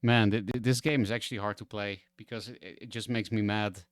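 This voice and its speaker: A man's voice: fairly low pitch, fairly even intonation, a little fast, no echo, clean studio sound. A man whose first language is Dutch, chatting frankly and rambling on a game stream. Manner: frank, rambling, restarts often. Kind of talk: casual stream chat.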